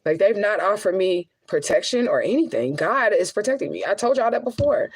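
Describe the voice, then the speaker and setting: A woman's voice: mid-range voice, animated, fairly quick, husky, rough recording. A middle-aged woman and spiritual medium, talking straight to her viewers in a raw, rambling, profane vlog monologue. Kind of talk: emotional direct-to-camera monologue.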